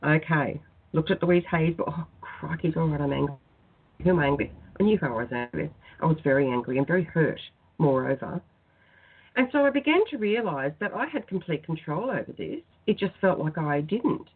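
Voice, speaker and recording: A woman, speaking in a soft, earnest, heartfelt way as a spiritual guest on a talk radio show. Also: low voice, expressive, a little fast, breathy edge. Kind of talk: phoned-in radio chat, guided prayer. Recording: tinny phone-line sound.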